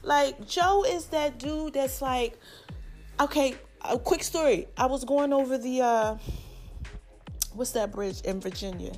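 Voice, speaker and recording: Animated slangy woman in her forties. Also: high-pitched, a little slow, faint music behind. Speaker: vlogger. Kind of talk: casual shout-outs to family and friends.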